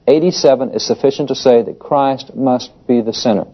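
A man's voice: medium pitch, fairly quick, highs cut off. A man explaining a historical court case in an explanatory, storytelling way.

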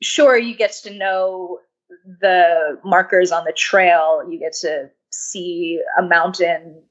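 Slow-talking woman, dull lo-fi sound. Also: lowish voice, steady tone. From New York City. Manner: rambling, frequent restarts and laughs. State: losing her voice. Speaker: guest. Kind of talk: casual interview conversation. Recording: dull lo-fi audio.

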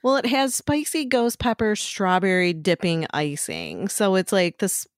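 A woman's voice: mid-range voice, sing-song, normal speed, clean tone, no echo, clean studio sound. A middle-aged woman co-hosting a podcast in casual chat, chatty and crude, laughing often.

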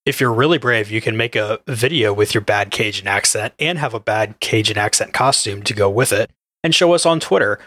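A man's voice: lowish voice, brisk, pushed and bright, no echo. A man co-hosting a podcast in casual chat, joking and easygoing. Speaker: podcast co-host.

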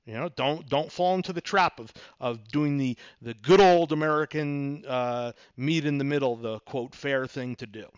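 A man's voice: medium pitch, moderate pace, hardly any pauses, smooth, dry recording, lo-fi sound. A middle-aged man hosting a solo podcast, explaining negotiation tactics and acting out both sides of the dialogues in a conversational way. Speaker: podcast host, real estate attorney.

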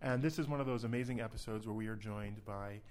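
A man's voice: fairly low pitch, quick pace, a little mellow. A man hosting a casual podcast, talking in a chatty, self-deprecating way with loose restarts. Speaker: podcast host.

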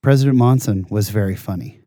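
A man chatting as a guest in a dry, close-sounding room, his voice mellow and relaxed. He tells animated stories with a self-deprecating streak. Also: on the low side, a little fast, no echo. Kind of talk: casual conversation.

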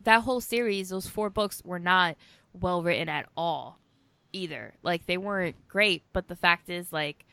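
Woman, chatty movie talk, bright tone, smooth clear voice. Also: fairly low pitch, normal speed, dry recording. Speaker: podcast co-host. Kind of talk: casual chat about movies.

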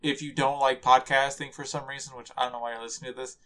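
A man's voice: medium pitch, level tone, bright, forceful tone. A man co-hosting a podcast in casual chat, laughing often, teasing his partner, and restarting his sentences. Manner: giggly, teasing, halting restarts. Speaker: podcast co-host.

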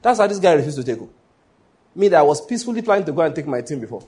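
A pastor delivers a sermon in an emphatic, storytelling manner, hammering points through repetition. He draws the congregation in with call-and-response, and his voice sits a little above the usual male pitch. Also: sing-song, rapid-fire, dark tone.

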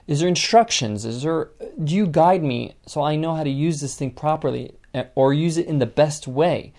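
A man's voice: on the high side, moderate pace, a little mellow. Man teaching a chatty business lesson. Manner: conversational, encouraging, frequent fillers. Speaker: podcast host.

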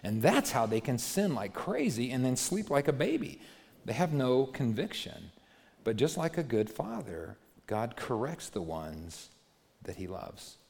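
A man's voice: medium pitch, measured pace, vocal fry. Pastor guy preaching, voice jumps all over, big echoey hall sound. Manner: animated, swings from hushed to loud. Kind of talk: sermon. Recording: long hall reverb.

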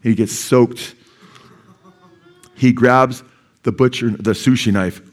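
A middle-aged male pastor preaching in a church, telling stories in a conversational, animated way with frequent asides to the congregation. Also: medium pitch, slow. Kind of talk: storytelling sermon.

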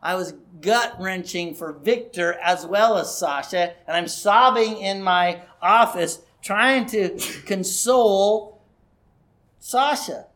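A man's voice: high-pitched, slow pace, fairly bright tone. Earnest male pastor preaching. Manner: earnest, conversational preaching with rising emphasis. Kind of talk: sermon.

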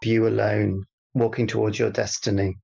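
Gravelly, husky man teasing his co-host. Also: on the low side, flat delivery, moderate pace, darkish tone, highs cut off. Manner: dry, teasing interviewer. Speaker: podcast co-host. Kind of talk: deadpan comedic banter.

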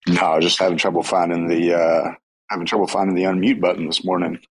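A man's voice: low voice, little pitch movement, fast talker, a little hiss or hum, low-quality recording. A man with a Kentucky accent, calling into a casual live audio chat in an easygoing way. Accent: Southern US, Kentucky. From Kentucky, USA. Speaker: caller.

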